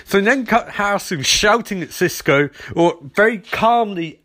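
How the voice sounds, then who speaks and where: A man's voice: high-pitched, expressive, unhurried, bright, forceful tone. A man giving a sarcastic, rambling comedic recap of a TV episode.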